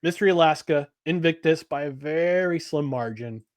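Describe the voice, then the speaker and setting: A man co-hosting a casual sports podcast, talking in an animated, joking way and laughing easily. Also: on the high side, normal speed, no room sound, studio quality. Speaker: podcast co-host.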